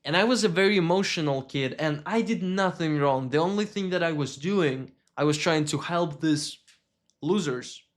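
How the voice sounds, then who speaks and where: A man's voice: fairly high pitch, normal speed. A man from Russia, telling a painful personal story on a live stream in a candid, emotional way and swearing when upset.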